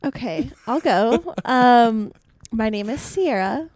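A bubbly, chatty young woman from Utah who co-hosts a podcast and laughs often. Her voice sits a little high and sounds close and dry, with no room around it. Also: animated, slow pace, darkish tone, dry recording. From Utah, USA. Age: 20s. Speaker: podcast co-host. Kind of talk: casual chat.

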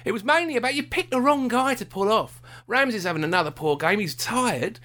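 A man co-hosting a football podcast, talking in an animated, indignant and self-mocking way in casual chat. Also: high-pitched, brisk.

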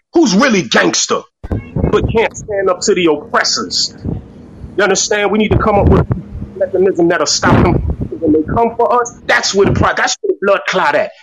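A man's voice: high voice, normal speed, background noise. A middle-aged man giving a fiery, profane rant in an online voice room, often stumbling over repeated words. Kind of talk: impassioned rant. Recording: distant, breaking-up phone audio.

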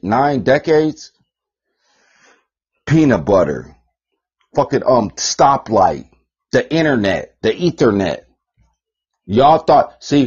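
Profane ranting man, husky lo-fi voice. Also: on the low side. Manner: profane, rambling, repeats phrases, swings between loud and muttered. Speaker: podcast host. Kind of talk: ranting monologue. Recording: dull lo-fi podcast recording.

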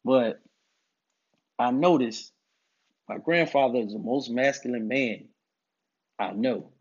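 A husky, mid-range male voice takes its time through a to-camera monologue on masculinity. The commentator is insistent and preachy, hammering the same points repeatedly, and the lo-fi recording sounds muffled and dull.

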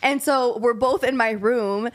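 A woman's voice: on the high side, a little slow. A young woman who moved to the US as a child, telling a story in casual podcast chat, giggling through it with lots of fillers. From abroad, moved to the US at ten.

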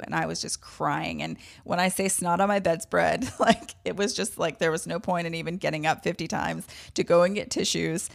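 A woman's voice: lowish voice, steady tone, moderate pace, gravelly, hardly any pauses. A woman hosting a podcast, telling a personal story in a candid, emotional way with self-deprecating laughs. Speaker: podcast host.

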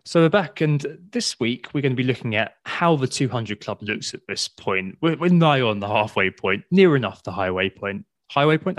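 A man's voice: medium pitch, no echo, clean studio sound. A man hosting a podcast, chatty, jokey and emphatic. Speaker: podcast host. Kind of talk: casual podcast chat.

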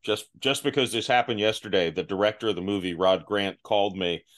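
Guy hosting a podcast, lowish voice, kinda halting, laughs at himself. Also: a bit bright. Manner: self-deprecating, halting with restarts. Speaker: podcast host. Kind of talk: casual chat.

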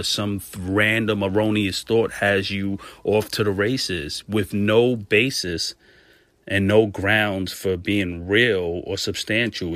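A man's voice: on the low side, fairly bright tone, no echo. A man giving an earnest motivational monologue on stress and self-care, speaking straight to his listeners and repeating phrases for emphasis. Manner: earnest, preachy, direct address.

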